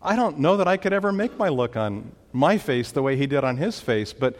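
A man's voice: fairly high pitch, lively intonation, fairly quick, big-room sound. A man preaching a sermon, emphatic, with dramatic rises when he quotes commands. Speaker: pastor.

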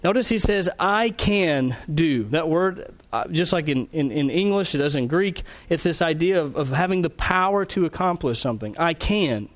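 A man preaching a sermon, earnest and explanatory, slowing down to stress key phrases and often repeating words as he restarts. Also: fairly high pitch, expressive. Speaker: pastor.

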